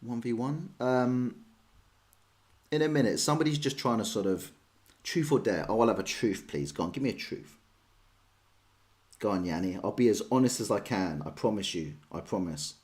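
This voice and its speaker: A man's voice: lowish voice, moderate pace, pauses often, a little mellow. An English man streaming chess, chatting casually and rambling as he answers viewers' questions. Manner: chatty, rambling, self-deprecating.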